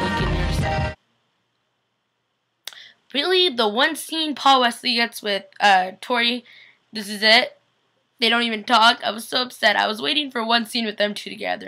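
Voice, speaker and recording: Gushing young woman with a gravelly edge. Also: medium pitch, bright, forceful tone. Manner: chatty and gushing, acts out quotes. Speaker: vlogger recapping a TV episode. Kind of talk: casual chat.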